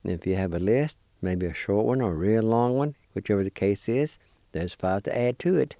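A man giving a weekly language lesson, deliberately spelling out and pronouncing words syllable by syllable. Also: fairly low pitch, dark tone, dry recording. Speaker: language teacher.

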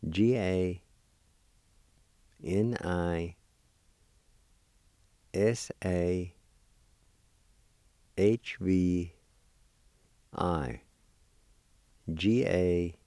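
A man teaching a language lesson, spelling words letter by letter and repeating each pronunciation slowly. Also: sits low, dark tone, dry recording.

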